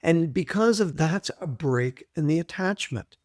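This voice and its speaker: Higher-voiced man explaining patiently. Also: animated, darkish tone, no room sound, clean studio sound. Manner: deliberate, repeats points, clears throat often. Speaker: guest, trauma author. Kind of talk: conversational interview, teaching.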